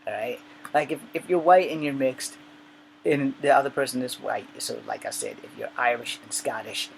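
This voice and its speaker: A man vlogging in a rambling, joking monologue, with sudden loud bursts between quieter asides. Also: medium pitch, creaky, slight background noise, rough recording. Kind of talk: casual monologue.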